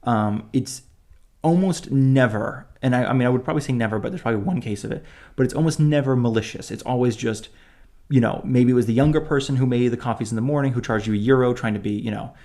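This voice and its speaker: Fast-talking rambling young man. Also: mid-range voice, dark tone. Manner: rambling, many restarts and fillers. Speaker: podcast co-host. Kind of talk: casual chat.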